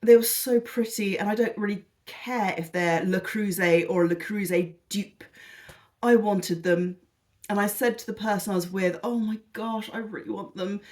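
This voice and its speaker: Brief: British woman, vlogger, medium pitch, chatty and rambling, self-deprecating, slightly tired. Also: normal speed, a little mellow. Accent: British English. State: tired and lethargic. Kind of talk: casual chatty haul video.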